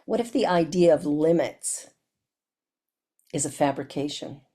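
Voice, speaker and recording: A woman's voice: low voice, animated, a little slow, warm tone. A woman minister giving a reflective sermon that asks the listener many questions.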